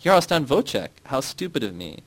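A man's voice: medium pitch, sing-song, fairly quick, voice pushed up, rough recording. A man reading the lines of a wary, easily flustered middle-aged woman official in an audiobook.

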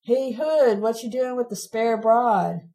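A woman's voice: a little high, a little slow, warm tone, low-quality recording. A woman reading the parts of rich teenage boys who mock and jeer from a sports car. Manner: mocking and jeering.

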